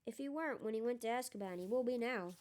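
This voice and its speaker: A woman's voice: on the high side, quick pace, natural voice. A woman doing a gossipy young bus conductor. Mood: dramatic. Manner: excitable, gossipy, dropped aitches. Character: chatty young Cockney bus conductor man.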